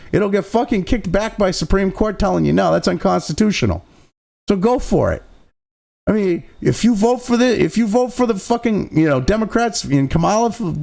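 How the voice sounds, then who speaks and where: Gravelly, animated ranting man. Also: sits high. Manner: angry, profanity-laden, sarcastic. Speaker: political commentary host. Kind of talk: profane political rant.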